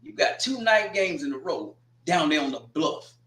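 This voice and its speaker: A man hosting a casual sports preview, animated and teasing as he calls out teams directly. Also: a little high, normal speed, roomy sound. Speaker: sports show host.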